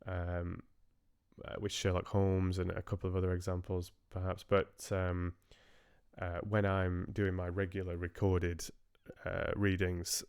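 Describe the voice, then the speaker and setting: A man's voice: low-pitched, completely flat delivery, unhurried, darkish tone, smooth, dry recording, clean studio sound. A male audiobook narrator hosting a live stream, chatting casually with viewers in a rambling, hesitant way and often restarting his sentences.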